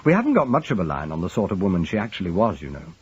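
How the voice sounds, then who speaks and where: A man voicing a wry, urbane gentleman detective who reasons things out in a dry, clipped way. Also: low-pitched, huge pitch swings, very fast, husky, dull audio, exaggerated voice.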